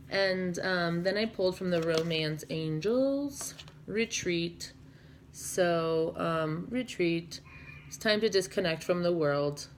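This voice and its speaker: Young woman reading tarot, kinda low voice, rambly and dreamy, little bit of hiss behind. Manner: dreamy, rambling, full of "like" and "you know". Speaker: tarot reader. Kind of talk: casual spoken tarot reading.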